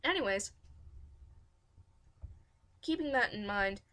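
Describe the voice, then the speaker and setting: A woman's voice: medium pitch, expressive, slow pace, bright, forceful tone. A woman hosting a fanfiction reading stream, giving rambling, self-deprecating casual commentary. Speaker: fanfiction audiobook reader and host.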